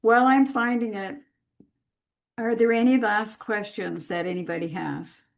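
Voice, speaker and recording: A woman teaching an online master class, speaking slowly and deliberately with pauses. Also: mid-range voice, fairly even intonation, creaky. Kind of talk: live online class talk. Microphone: video call.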